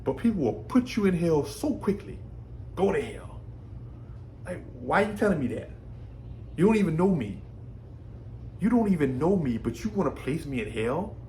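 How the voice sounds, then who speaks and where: A man from Brooklyn, New York, talks about faith in a casual, folksy way. His pitch sits a little high and swings widely as he talks. A faint hum of ambient noise sits behind him. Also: normal speed. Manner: animated, folksy, repeats words while thinking. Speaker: faith vlogger.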